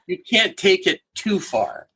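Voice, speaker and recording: A man's voice: high-pitched, very animated, unhurried, bright, forceful tone, husky. A man telling humorous stories as a guest speaker, acting out the people in them and laughing as he talks. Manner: acts out characters in stories, laughs while talking. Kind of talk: animated storytelling conversation.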